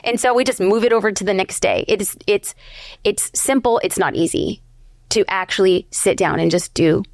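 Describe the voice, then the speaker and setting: A middle-aged woman, an entrepreneur guest on a podcast, talking fast and emphatically in a blunt, slangy, candid way. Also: medium pitch, no echo, studio quality. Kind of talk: candid conversational interview.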